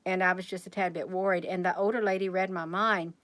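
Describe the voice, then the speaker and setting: A woman's voice: fairly low pitch, fairly even intonation, quick pace, fairly bright tone, no echo. A woman hosting a casual livestream, rambling and chatty as she keeps talking straight to her viewers.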